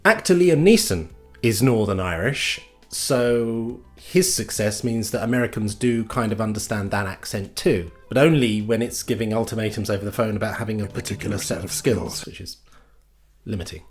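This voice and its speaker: British guy doing a deadpan comedy rant, dry and sardonic, soft music underneath. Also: on the low side, normal speed. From Britain. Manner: dry, sardonic delivery with mock outrage. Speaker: comedy host. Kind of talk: scripted comic monologue.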